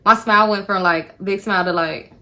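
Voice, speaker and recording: A young woman telling a storytime vlog, animated and profane as she talks to viewers. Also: medium pitch, brisk. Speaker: vlogger.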